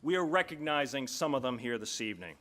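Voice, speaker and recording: A man's voice: mid-range voice, animated, fairly bright tone. A man giving a prepared, rhetorical speech to introduce the keynote speaker at an awards dinner. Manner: measured, rhetorical, deliberate pauses. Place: banquet hall.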